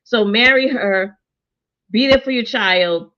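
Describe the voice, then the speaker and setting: Taking her time, a woman with a higher-pitched voice co-hosts a relaxed chat reviewing a TV series. She's animated and conversational, quoting the characters in her own voice, and the audio sounds dull and lo-fi.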